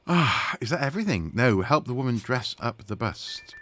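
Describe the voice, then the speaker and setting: A man casually commenting on his own gameplay as he streams, excitable and talking to the characters on screen. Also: medium pitch, moderate pace, soft background music. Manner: excitable, talks to the game characters.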